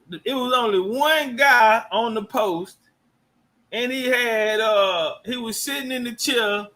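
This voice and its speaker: A man's voice: very high voice, pushed and bright. A man giving loose, profane reaction commentary and telling stories.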